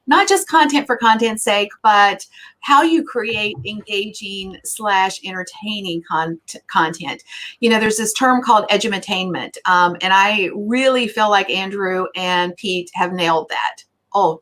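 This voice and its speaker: A woman's voice: medium pitch, pushed and bright. A middle-aged woman from the United States hosting a live online show, chatty and effusive, with lots of filler words. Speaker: host.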